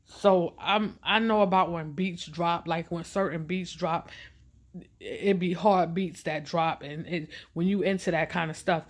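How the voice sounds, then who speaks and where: A woman casually telling a personal story in a chatty, animated way, acting out what other people said. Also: on the low side, unhurried.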